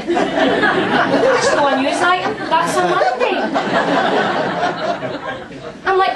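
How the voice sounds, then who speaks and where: A Glaswegian woman in her forties doing a brash, sweary, deadpan stand-up comedy set. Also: high-pitched, moderate pace, crowd noise, noisy background. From Glasgow, Scotland. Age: 40s. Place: theatre room at a comedy festival. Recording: echoey, distant venue sound. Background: audience laughter.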